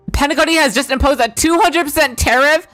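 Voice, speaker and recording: A woman's voice: high voice, normal speed, a bit bright, soft background music, pitched above the performer's own voice. A woman voicing an eager pet butler creature that yelps out urgent news.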